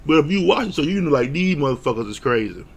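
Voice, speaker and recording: Blunt, gravelly-voiced man recapping a show. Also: on the high side, fast. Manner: blunt, profane, animated retelling with mock quotes. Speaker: show reviewer. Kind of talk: casual recap commentary.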